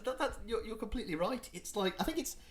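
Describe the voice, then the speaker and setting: Male podcast co-host, dry wit, very lively melody, playful impressions. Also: high-pitched, quick pace, a loud crowd. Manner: wry, lots of mock quoted voices. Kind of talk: casual chat.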